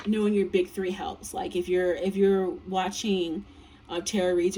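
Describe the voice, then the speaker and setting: A woman's voice: medium pitch, distant mic. A tired woman reads tarot in a loose, chatty way, swearing freely and circling back on her words. She sits a little back from the mic, and faint room noise hums underneath. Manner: blunt, profane, chatty with many fillers. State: tired, yawning. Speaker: tarot reader. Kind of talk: casual tarot reading.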